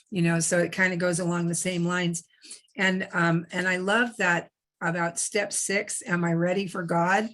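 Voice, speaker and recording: A middle-aged woman sharing personally at a recovery meeting, halting and heartfelt, with many fillers. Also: on the low side, little pitch movement, fairly bright tone.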